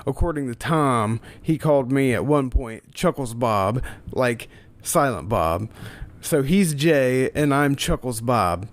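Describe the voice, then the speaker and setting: A man's voice: medium pitch, animated, takes it slowly. A man hosting a casual podcast, introducing clips in a laid-back, chuckling, rambling way. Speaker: podcast host presenting clips. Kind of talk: casual solo narration between clips.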